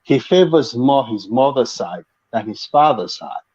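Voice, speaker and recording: A man's voice: mid-range voice, lively intonation, unhurried, a little mellow, slightly rough, muffled recording. A man joining a casual panel chat over a video call, explaining things at length with many restarts and fillers. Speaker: panel guest.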